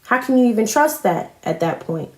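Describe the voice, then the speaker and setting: On a live stream, a woman launches into a confrontational rant packed with profanity and pointed repetition. Her slightly high voice swings widely in pitch at a normal speed and has a somewhat mellow quality. The sound echoes around the room.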